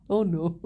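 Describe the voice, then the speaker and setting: Slow, giggly woman streamer. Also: a little high, dark tone, breathy edge. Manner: giggly, chatty, talks to pets and chat. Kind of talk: casual live-stream chat.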